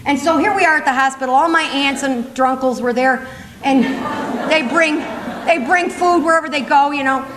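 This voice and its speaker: A woman in her fifties giving a lively, laughing comedic talk as a motivational humor speaker. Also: sits high, moderate pace, noisy background. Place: large conference hall. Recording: long reverb in a conference hall.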